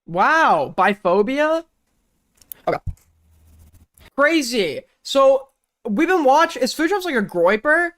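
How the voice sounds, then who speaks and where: A man's voice: extremely high pitch, big pitch swings, slow, pauses often, fairly bright tone. A man streaming and reacting to clips, talking in a sarcastic, rambling, profane way. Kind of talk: casual stream commentary.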